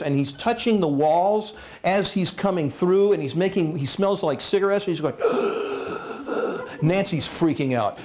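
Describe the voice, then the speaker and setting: A man giving a comic storytelling talk as guest speaker at a college, animated and jokey, acting out voices. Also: fairly high pitch. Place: lecture hall at a college.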